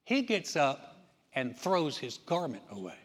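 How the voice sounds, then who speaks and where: A man preaching a sermon, animated, acting out scenes with loud cries and asides. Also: a little high, a little slow. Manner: animated, acts out voices with shouts. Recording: echoey hall.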